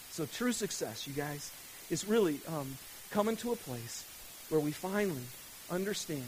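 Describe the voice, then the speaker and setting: A man in middle age delivers a sermon with a notably high-pitched voice. He speaks emphatically, swinging between loud, urgent outbursts and quiet, hushed lines. A faint hiss runs under the recording. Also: rough recording. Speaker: pastor.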